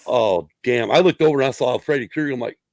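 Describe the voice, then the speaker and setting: Brief: middle-aged male podcast host, gravelly, lively swearing storyteller, dry close sound. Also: mid-range voice, racing, no echo. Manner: profane, animated storyteller. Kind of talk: casual storytelling chat.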